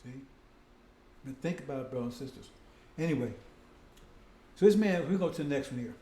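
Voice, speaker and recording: A man's voice: medium pitch, animated, a little fast, warm tone, reverberant. A man preaching a casual, conversational sermon, often breaking in with "see?" and "right?".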